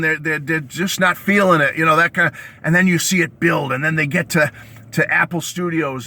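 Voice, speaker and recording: Hoarse, excited man with a bright voice. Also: on the high side, normal speed. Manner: excited, repetitive, addresses viewers as folks. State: hoarse, voice worn out. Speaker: YouTube host reviewing music releases. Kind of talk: enthusiastic vlog rant. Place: home basement studio.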